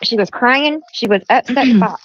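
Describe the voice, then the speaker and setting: A woman's voice: fairly high pitch, moderate pace, no echo. A middle-aged woman hosting a livestream, retelling a quarrel in quoted speech and repeating herself. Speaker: livestream host. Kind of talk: heated casual storytelling. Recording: dull lo-fi stream audio.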